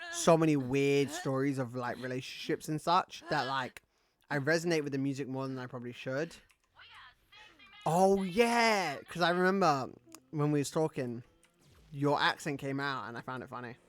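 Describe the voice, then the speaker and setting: Rambling, swearing male streamer. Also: medium pitch. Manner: rambling, swears a lot, many fillers. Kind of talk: casual gaming stream chat.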